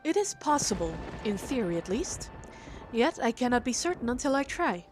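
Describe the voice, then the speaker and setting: A poised female scholar from a video game speaks in formal, measured phrases, as a woman reads her lines. The voice sits fairly high and quiet. Faint music plays behind. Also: big pitch swings. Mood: thoughtful. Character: calm, learned female scholar.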